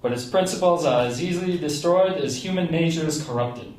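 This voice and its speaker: A man voicing an older, moralizing New England gentleman with a New England accent, reading a letter aloud in a slow, declamatory way. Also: a little high, pitched above the performer's own voice, natural voice. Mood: earnest. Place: small theatre stage with audience. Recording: roomy live room, mic at a distance.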